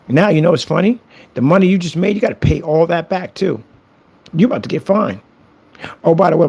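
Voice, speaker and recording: A man's voice: on the high side, gravelly, darkish tone, husky. A man vlogging a casual, boastful rant to camera, taunting his critics and repeating phrases for effect. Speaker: business owner and vlogger.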